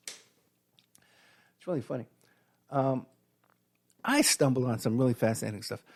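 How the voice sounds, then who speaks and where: A man's voice: mid-range voice, creaky, dry recording, clean studio sound. A middle-aged man, hosting a radio show and telling rambling stories with lots of fillers and restarts. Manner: storytelling with many fillers and restarts. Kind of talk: rambling monologue.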